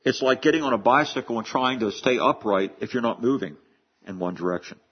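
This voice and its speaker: Man, pastor, sermon, earnest, husky, lowish voice, dull lo-fi sound. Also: expressive, brisk. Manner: earnest, repeats words while building a point.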